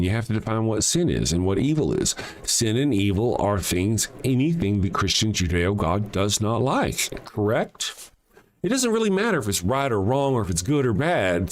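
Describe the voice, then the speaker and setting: Sarcastic man with a lively voice. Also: fairly low pitch. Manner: sarcastic, profane, mocking. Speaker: host. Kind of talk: solo commentary.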